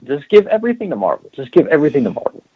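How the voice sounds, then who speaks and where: A man co-hosting a podcast in casual chat, profane and expressive, mimicking other people. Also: a little high, very fast, husky, phone-quality sound. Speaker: podcast co-host.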